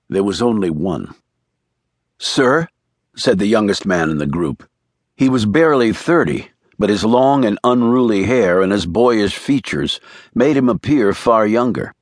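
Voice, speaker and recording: Low-voiced male audiobook narrator. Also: dry recording, clean studio sound. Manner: measured, even storytelling. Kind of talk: scripted thriller narration.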